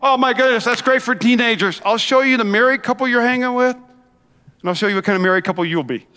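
High-voiced animated man preaching in a hall. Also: a little fast, clear, resonant tone. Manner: animated preaching with church call-and-response asides. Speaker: pastor. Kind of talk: sermon. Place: large church hall. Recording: long hall reverb.

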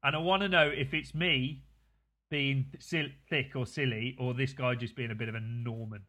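A man's voice: medium pitch, fairly even intonation, moderate pace, pushed and bright. A man hosting a casual podcast chat, talking freely and laughing often. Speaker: podcast host.

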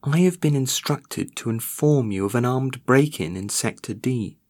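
A man's voice: medium pitch, moderate pace, a little mellow, pitched above the performer's own voice, natural voice. A man doing a coolly polite, lying worker. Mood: formal. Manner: formal, smoothly deceptive.

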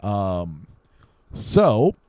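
A man's voice: lowish voice, big pitch swings, very slow, darkish tone, clear, resonant tone, no room sound. A young man co-hosting a podcast in casual comedic chat, playfully spinning a made-up story. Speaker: podcast co-host.

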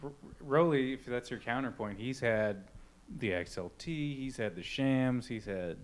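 A man's voice: mid-range voice, normal speed, a little hiss or hum. A man chatting casually and joking with friends, laid-back, with many filler words. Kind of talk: casual chat.

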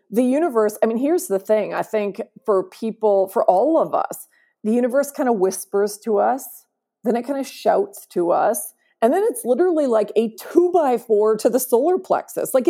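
A woman's voice: a little high, mellow. A woman speaking as a podcast guest, earnest and emphatic, often checking in with "right?". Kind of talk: conversational interview.

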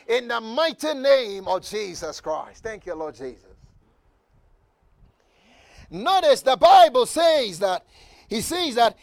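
A man preaching a sermon as pastor, fervent and rising to shouted calls for the congregation to repeat after him. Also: very high voice, very animated, slow pace, gravelly, pauses often, no room sound.

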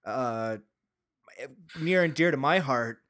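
A man's voice: mid-range voice, expressive, takes it slowly, fairly bright tone. A man from Green Bay co-hosting a podcast, ranting about sports in a casual, rambling way, full of restarts, and rising into heated outbursts. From Green Bay, Wisconsin. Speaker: podcast co-host. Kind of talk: casual sports talk rant.

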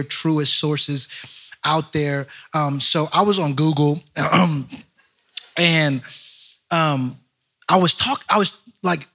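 Young man, youth speaker, high-pitched, bright tone, animated storytelling, talks straight to the crowd. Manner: animated, chatty, joking, addresses the crowd directly.

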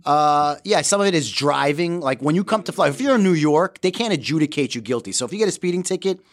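A man's voice: on the high side, lively intonation, quick pace. A man co-hosting a casual podcast, telling rambling, self-mocking stories. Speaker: podcast co-host in recovery. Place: Florida.

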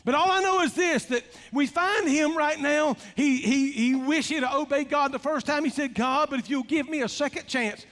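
A man preaching a sermon as pastor, animated, dropping to hushed tones when he quotes. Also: very high voice, normal speed, hardly any pauses. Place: church sanctuary. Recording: long hall reverb, faint music.

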